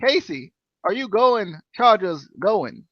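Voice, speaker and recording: A man's voice: high voice, very animated, takes it slowly, dry recording, dull audio. A man co-hosting a podcast, chatting playfully about football picks and breaking into sing-song chants. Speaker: podcast co-host. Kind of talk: casual chat, football picks.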